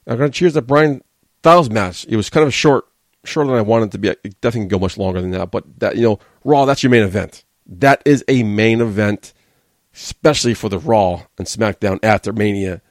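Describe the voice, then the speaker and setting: A man's voice: on the low side, a little fast, a little mellow, dry recording, studio quality. A man hosting a wrestling podcast, giving a blunt, sarcastic, casual review and swearing freely.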